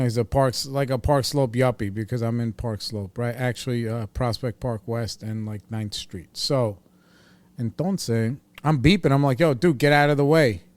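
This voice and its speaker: A man's voice: medium pitch, a little mellow, smooth, no room sound. A man hosting a podcast, telling a story in a blunt, profane, streetwise way. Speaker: podcast host. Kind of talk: casual storytelling monologue.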